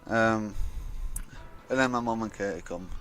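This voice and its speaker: A man's voice: lowish voice, a little slow, fairly bright tone, faint music behind. A young man telling a rambling, blunt, sweary story in a casual vlog. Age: young adult. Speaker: vlogger.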